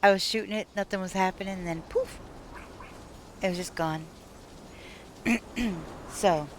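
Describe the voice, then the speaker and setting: A woman's voice: mid-range voice, unhurried, a little hiss or hum. A woman with a New York accent chatting casually with her viewers while gaming on a live stream, laughing often. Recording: game music playing behind.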